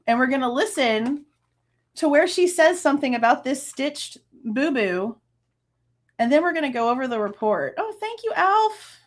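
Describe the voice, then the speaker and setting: A woman's voice: high voice, very animated, moderate pace. A woman, hosting a true crime livestream, ranting angrily, swearing and laughing between outbursts. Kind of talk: casual livestream rant.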